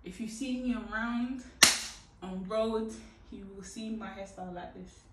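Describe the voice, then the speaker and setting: A woman's voice: mid-range voice, unhurried, heavy background noise. Chatty woman, roomy distant sound. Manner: chatty, playful, bursts of loud whoops. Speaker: hair tutorial vlogger. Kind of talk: casual how-to chat to camera. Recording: echoey room from a distant mic.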